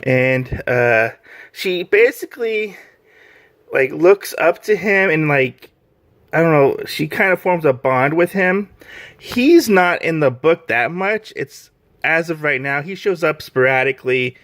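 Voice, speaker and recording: A man's voice: a little high, lively intonation, a little slow, fairly bright tone, no room sound. A man giving a casual, rambling video review, gushing with enthusiasm and filling his talk with "like" and "um". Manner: rambling, heavy use of "like" and "um". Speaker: manga reviewer.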